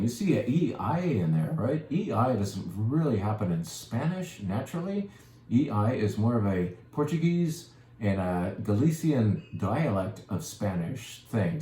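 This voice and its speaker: A man's voice: lowish voice, sing-song, unhurried, mellow. A man hosting a casual wine presentation, chatty and playful with self-deprecating asides. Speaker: wine shop host. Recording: echoey room with faint ambience.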